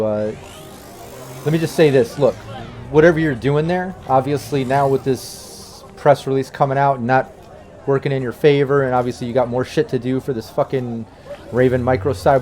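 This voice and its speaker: A man's voice: fairly even intonation, moderate pace, a little mellow, faint music behind, natural voice. A man playing a vengeful, scheming male crime-family brother on a phone call, swearing and urging caution. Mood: stern. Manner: profane, urging and low-key. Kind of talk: in-character phone call in a tabletop game.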